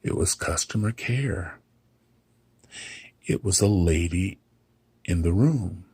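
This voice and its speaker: A man's voice: sits low, expressive, slow pace, darkish tone, slightly rough, no echo. A middle-aged man, a hotel front desk clerk, casually telling a story and acting out the dialogue with dry humor.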